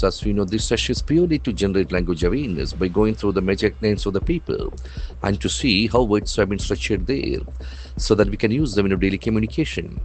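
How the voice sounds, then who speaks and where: A man with an Indian English accent teaching English vocabulary from the day's newspaper, spelling words letter by letter and repeating them slowly for practice. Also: lowish voice. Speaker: English trainer. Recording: faint music behind.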